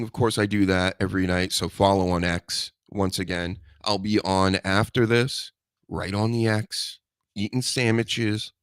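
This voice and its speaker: Rambling, jokey low-voiced male podcaster. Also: no echo, studio quality. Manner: rambling, jokey, mock-threatening. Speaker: podcast host. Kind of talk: casual solo wrestling podcast chat.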